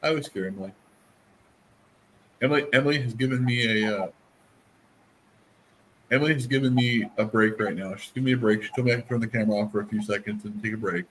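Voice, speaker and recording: A man's voice: on the low side, fast, pauses often, rough recording. Man, casual stream chat, playful joker who acts out little voices, slight background noise.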